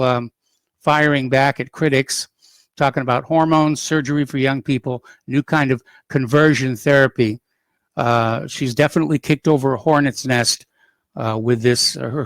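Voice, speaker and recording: A man hosting a call-in radio show, reading news items and adding opinionated asides in an unhurried, conversational way. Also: mid-range voice, no echo. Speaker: radio talk show host.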